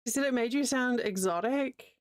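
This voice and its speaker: A woman's voice: fairly high pitch, normal speed, no room sound, clean studio sound. A young woman with a New Zealand accent, chatting casually with her livestream audience while she crochets, rambling and answering chat as she goes. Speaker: streamer.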